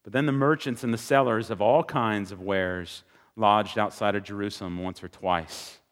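A man's voice: fairly low pitch, normal speed. Man preaching in a reverberant hall. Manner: animated storytelling, rising to loud exclaiming. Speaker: pastor. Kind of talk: sermon.

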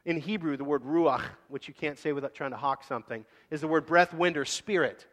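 A man preaching a sermon in a casual, animated way, acting out scenes. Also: on the high side, fairly quick, long reverb tail. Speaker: pastor.

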